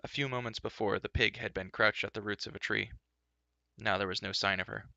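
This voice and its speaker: A man's voice: fairly even intonation, fairly quick, creaky, no room sound, dull audio. A man reading a fantasy storybook aloud, giving the characters their own voices. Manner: shifts pitch and loudness for each character's lines. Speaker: audiobook reader.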